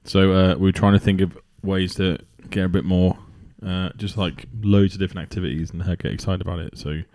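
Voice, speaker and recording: Man, very low voice, rambling casual podcast chat. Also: fairly even intonation, fairly quick, darkish tone. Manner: chatty, rambling with fillers. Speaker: podcast co-host.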